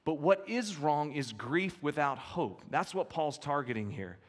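A man's voice: a little high, expressive, measured pace. Man preaching in a reverberant hall. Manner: earnest, emphatic storytelling with repeated key phrases. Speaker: pastor. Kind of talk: expository sermon.

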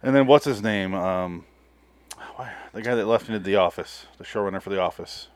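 A man's voice: lowish voice, a little fast. A man co-hosting a podcast in casual chat, laughing, riffing and swearing freely. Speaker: podcast co-host.

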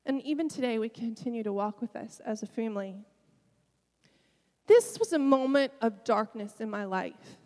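A middle-aged woman pastor preaching a sermon, telling a personal story with emotion and soft laughs. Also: a little high, animated, normal speed, in a large hall.

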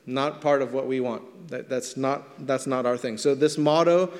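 Male pastor, mid-pitched voice, relaxed teaching sermon, long echo from a big hall. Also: moderate pace. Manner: conversational teaching, stretches words for emphasis.

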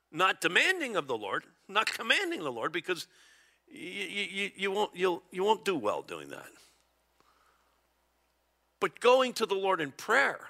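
A middle-aged male pastor teaches a sermon through the verses, his voice bright and edged. He talks in a lively, conversational way, swinging his pitch widely and acting out little exchanges with a chuckle. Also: vocal fry. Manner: conversational, chuckles often, acts out little dialogues.

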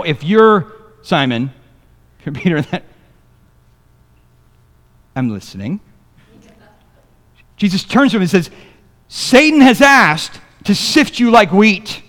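A pastor's voice sits high, ringing with a long reverb tail through the church sanctuary. His sermon is loose and conversational, mixing scripture readings with jokes for the congregation.

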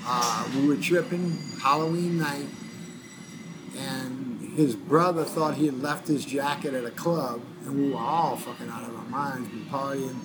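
A man's voice: mid-range voice, steady tone, measured pace, over music, poor audio. A man from New Orleans telling a long, rambling story in a casual interview. He swears freely and acts out the voices of people he quotes. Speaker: guest musician telling his story.

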